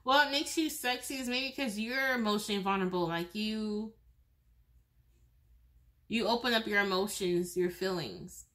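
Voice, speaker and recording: A woman with a bright, forward voice gives a pick-a-card tarot reading. She talks straight to the viewer in a loose, chatty way, often restarting her sentences and breaking into laughs. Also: mid-range voice, moderate pace. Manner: speaks directly to the viewer. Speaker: tarot reader.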